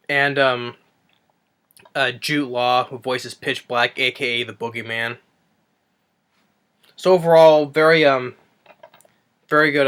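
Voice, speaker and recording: A man's voice: mid-range voice, a bit bright, clean tone. A man giving a casual spoken movie review, rambling with frequent restarts and self-corrections. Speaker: film reviewer.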